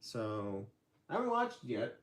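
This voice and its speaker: A man talks on his own livestream in a loose, rambling way, often stopping to search for words with fillers. He speaks slowly and takes his time. His voice sits at an ordinary middle pitch. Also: huge pitch swings. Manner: rambling, hesitant, many fillers. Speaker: channel host. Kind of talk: casual livestream chat.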